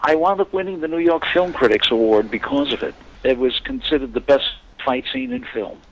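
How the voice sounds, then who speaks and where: An older man, a guest actor, telling lively anecdotes in an interview and acting out the voices of people he quotes. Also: medium pitch, fairly quick, muffled recording. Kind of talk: storytelling interview chat.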